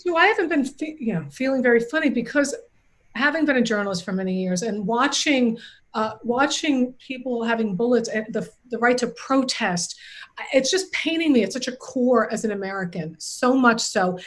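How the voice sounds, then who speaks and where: A woman with a high voice talks earnestly in a casual comedy conversation. She is animated and reflective, and she draws on her years as a journalist. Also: normal speed.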